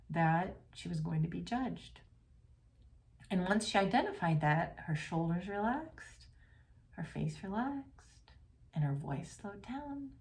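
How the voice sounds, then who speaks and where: A woman hosting a podcast, talking earnestly and casually about feelings, sometimes dropping into a soft whisper. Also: lowish voice, creaky. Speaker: podcast host and coach. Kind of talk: reflective podcast monologue. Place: home.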